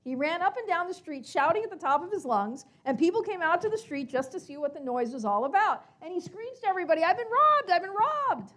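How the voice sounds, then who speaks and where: A woman's voice: high-pitched, a little fast, few pauses. A woman telling a story to a congregation at a service, acting out the characters and asking the listeners questions. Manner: animated, acts out characters, asks listeners questions.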